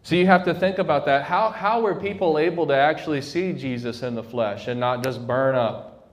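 A young adult man preaching a fervent sermon as pastor, slowing down to stress key lines. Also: fairly high pitch.

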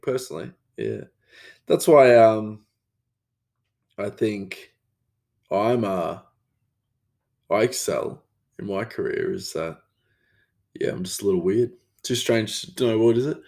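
An Australian chef telling rambling stories in a casual monologue, with many fillers and frequent chuckles, a bit tired. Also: male voice, on the low side, a little mellow. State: tired, yawning.

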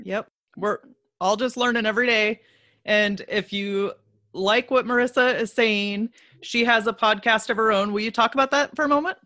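A woman hosting a podcast speaks with a bright, crisp tone. The recording is dry, with no room sound. She cheers her guest on with short, encouraging affirmations. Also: on the high side, normal speed, no room sound. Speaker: podcast host. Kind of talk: interview hosting.

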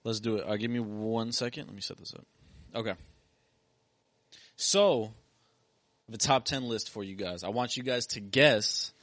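A man in casual podcast chat, relaxed and brief, running a guessing game and reading out results. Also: fairly low pitch, a little slow, long pauses, dry recording.

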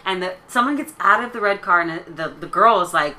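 Young woman, podcast co-host, chatty storyteller, lower voice, bright tone. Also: expressive, fairly quick, hardly any pauses, slight background noise. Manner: chatty, filler-heavy storytelling with lots of "like". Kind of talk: casual storytelling chat.

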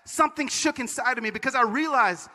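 A man giving a conference talk, telling stories in an animated, comic way. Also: very high voice, brisk. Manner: animated, comic, acts out voices. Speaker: conference speaker. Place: conference stage. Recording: large hall reverb.

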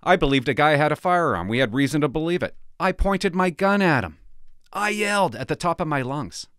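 A man's voice: fairly high pitch, expressive, brisk, fairly bright tone, clear, resonant tone, no room sound, clean studio sound. A middle-aged man, a former police officer, giving an indignant, sarcastic commentary on a news story. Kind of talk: opinionated commentary vlog.

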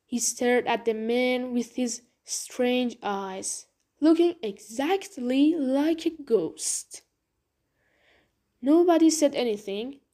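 Woman narrator, high and mellow, for a read-aloud classic. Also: animated. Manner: slow, clear reading. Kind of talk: storybook narration.

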